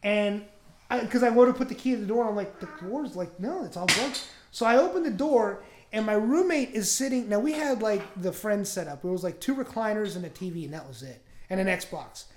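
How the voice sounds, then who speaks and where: A man's voice: sits high, expressive, fairly quick, a little mellow. A man on a podcast telling a crude story in a casual, rambling way, laughing often. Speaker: podcast host.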